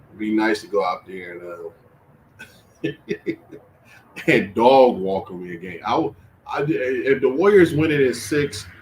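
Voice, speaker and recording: A man hosting a casual sports-talk livestream, animated and slangy, laughing and trash-talking as he reacts to chat. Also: lowish voice, slight background noise, low-quality recording. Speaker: livestream host.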